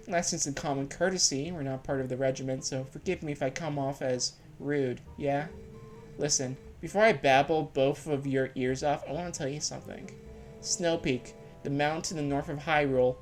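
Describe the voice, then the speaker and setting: A man doing a blunt, terse woman warrior. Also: close to an everyday voice. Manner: brisk, low-key, blunt.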